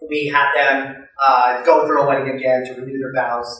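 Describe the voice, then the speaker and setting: Thirties guy doing stand-up, animated and self-deprecating, really echoey venue, mic far away. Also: mid-range voice, moderate pace. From United States. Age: 30s. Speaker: stand-up comedian. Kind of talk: stand-up storytelling. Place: event venue before a live audience.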